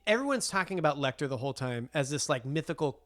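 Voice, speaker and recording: A man's voice: on the high side, sing-song, quick pace. A man co-hosting a casual film podcast, telling stories with eager enthusiasm and lots of fillers and restarts. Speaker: podcast co-host.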